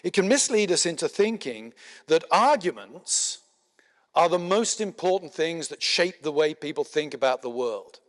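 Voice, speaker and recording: A middle-aged man giving a conference lecture in a measured, explanatory way, with frequent filler words and dry asides. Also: fairly high pitch, sing-song. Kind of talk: spoken lecture. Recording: long hall reverb.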